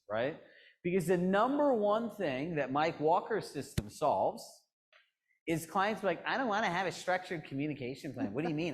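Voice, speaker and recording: Live workshop coach, male, fairly high voice, animated storyteller acting out quotes. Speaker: real estate coach. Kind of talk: workshop teaching.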